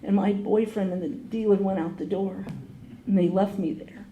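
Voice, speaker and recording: The sound is phone-quality, and the meeting hall is echoey with faint noise. A woman speaking at AA tells her recovery story earnestly at a moderate pace, her mid-range voice fairly even, as she acts out the people she quotes.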